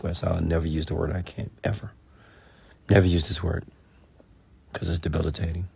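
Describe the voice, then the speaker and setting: A man's voice: low voice, creaky, dark tone, slightly rough. A man giving a blunt, profane motivational rant late at night, preaching at his viewers. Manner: mimics whiny voices mockingly. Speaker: entrepreneur and mentor.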